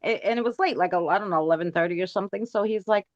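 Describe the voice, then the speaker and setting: A woman co-hosting a livestream, telling stories in an animated, profane, fiery way. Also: mid-range voice, racing, dry recording, lo-fi sound. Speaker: livestream co-host. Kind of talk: casual chat.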